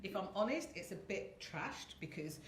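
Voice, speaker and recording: A woman's voice: medium pitch, expressive, moderate pace, echoey room, a little hiss or hum. A woman hosting a casual live video chat from a hotel room, chatty and rambling, laughing often. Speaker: host.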